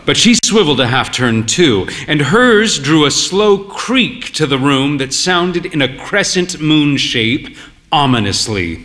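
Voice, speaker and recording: A man narrating a literary story in a wry, weary and measured way. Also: a little high, very animated, a bit bright.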